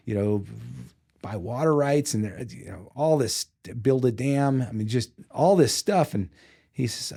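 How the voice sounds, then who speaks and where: A man's voice: mid-range voice, expressive, unhurried, warm tone. A man being interviewed on a podcast, telling a long personal story in a casual way, acting out the dialogue with lots of fillers. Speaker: podcast guest, physical therapy company CEO.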